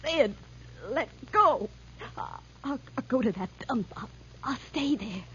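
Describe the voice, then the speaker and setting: A woman's voice: sits high, big pitch swings, normal speed, a bit bright, a little hiss or hum. A brassy, scared nightclub girl. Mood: pleading. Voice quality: breathless stammering when scared. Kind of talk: 1940s radio acting. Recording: dull lo-fi old radio recording.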